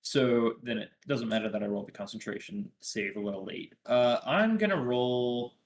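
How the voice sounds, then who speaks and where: Man, tabletop player, matter-of-fact, brisk, echoey room. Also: mid-range voice, lively intonation. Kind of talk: casual tabletop game play. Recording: roomy echo.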